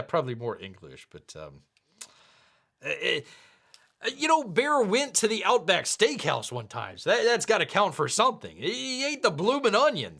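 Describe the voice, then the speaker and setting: A man's voice: fairly high pitch, pushed and bright. A man hosting a casual livestream and reading viewer comments, rambling and jokey, often searching aloud for words. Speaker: livestream host.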